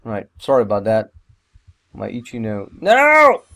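Brief: male let's player, mid-pitched, excitable and rambling, with non-native English phrasing. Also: measured pace, slight background noise. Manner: excitable, rambling, mild swearing. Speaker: let's play gamer. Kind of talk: gameplay commentary.

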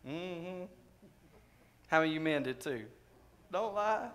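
A preacher with a high, bright voice delivers a sermon in a church sanctuary. He keeps it conversational, questioning the congregation directly and hammering home key phrases by repeating them. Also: animated, a little slow. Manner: emphatic repetition of key phrases. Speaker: pastor.

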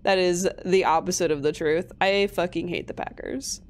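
Her voice sits on the low side and moves at a moderate pace as this young Minnesotan streamer offers chatty gameplay commentary. She laughs often and doesn't hold back on swearing.

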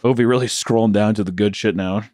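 A man's voice: on the low side, fairly even intonation, fast, a little mellow, no echo, clean studio sound. A man co-hosting a comedy podcast, telling crude, joking stories full of profanity and mimicked voices. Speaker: podcast co-host.

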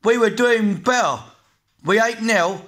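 A man in his forties with an English accent and a rather high voice, venting in an agitated, repetitive rant. He swears freely and hammers the same blunt points over and over, talking straight to his camera. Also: unhurried, a bit bright. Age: 40s. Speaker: vlogger.

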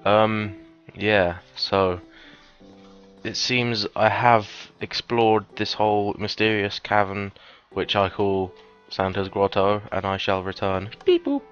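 A man giving cheeky, casual gameplay commentary, swearing often and breaking into sudden high, excited yelps. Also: slow, clean tone, dull audio, soft background music. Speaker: let's player.

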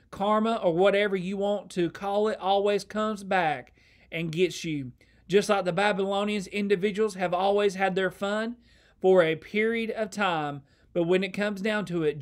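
Southern American pastor, male, higher-pitched voice, preaching and reading scripture slowly before explaining. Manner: reads scripture slowly, then explains in plain words. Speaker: associate pastor. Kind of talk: sermon.

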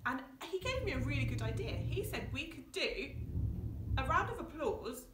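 A female primary school teacher, leading a phonics lesson for young children in a clear, sing-song voice. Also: high-pitched, very animated, normal speed, noisy background. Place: home, indoors. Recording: echoey room, mic at a distance.

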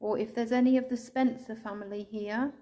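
Soft-spoken English woman pleading tenderly. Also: fairly high pitch, steady tone. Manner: soft, pleading, slow and tender, calling out with endearments. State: tearful at times. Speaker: ghost hunter. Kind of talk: ghost hunt vlog, calling out to spirits.

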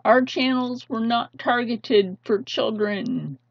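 A woman's voice: a little high, slow pace. A woman hosting her own channel, delivering an impassioned, pleading vlog rant with heavy emphasis. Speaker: channel host. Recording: dull lo-fi sound.

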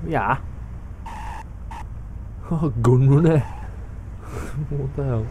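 A man's voice: medium pitch, very slow, mellow, muffled recording, a little hiss or hum. A young man giving let's play commentary on a driving game, exclaiming and laughing often. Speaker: gamer.

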